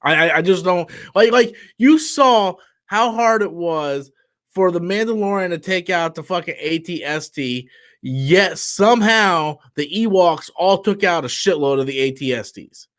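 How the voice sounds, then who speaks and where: A man chatting casually as co-host of a live stream, animated and swearing freely, with quick restarts. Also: high voice.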